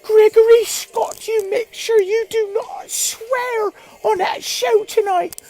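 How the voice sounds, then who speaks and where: A man voicing his stern older mother, who nags her grown son in a slow, shrill way. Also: steady tone, darkish tone, rough recording. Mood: scolding.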